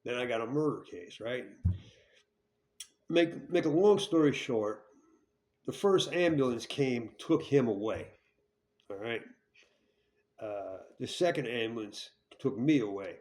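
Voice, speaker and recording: This mid-range, somewhat mellow male voice belongs to someone telling a difficult personal story with profanity and no sugarcoating. He wanders, starts sentences over, and repeatedly tosses in "right?" to check that listeners are with him, all in a candid storytelling mode.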